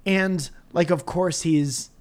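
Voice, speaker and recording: A male podcast host in casual conversation, spinning animated stories. He swears freely and throws in jokes as he rants. His talk is loose and expressive. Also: a little high, slow. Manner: animated storytelling, profane and jokey. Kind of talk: casual chat.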